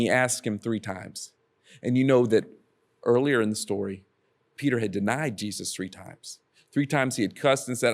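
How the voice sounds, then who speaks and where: A man's voice: mid-range voice, expressive, a little fast, vocal fry. A man preaching a casual devotional sermon, earnest and repeating his exhortations to the listener.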